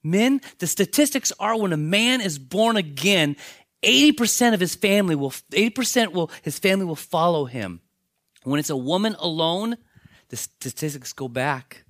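A man preaching a sermon, telling Bible stories in a lively way and acting out the characters' lines. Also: sits high, normal speed, no room sound, clean studio sound. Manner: animated storytelling, acts out voices of biblical characters. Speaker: pastor.

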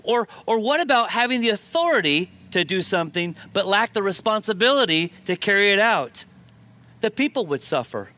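A male pastor preaching a sermon, lively and emphatic, often repeating his key points. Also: high-pitched, normal speed. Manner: animated preaching with shifts of emphasis and repetition.

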